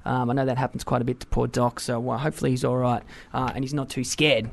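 A man's voice: mid-range voice, little pitch movement, fast, gravelly, a little hiss or hum. A man hosting a radio show from a studio, chatty and cheeky, teasing his co-host. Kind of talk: casual radio banter.

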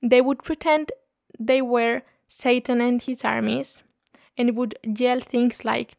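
A young woman hosting a podcast, telling stories in a casual, chatty and animated way, often breaking into laughter. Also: a little high, slow, vocal fry, no echo, studio quality. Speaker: podcast host. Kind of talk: casual storytelling monologue.

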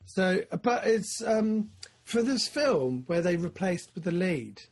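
A man, co-hosting a casual film podcast, talking with big bursts of enthusiasm that drop into low asides. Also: slow, a little hiss or hum. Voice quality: husky. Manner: excitable, swings from loud enthusiasm to low mumbling asides. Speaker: podcast co-host.

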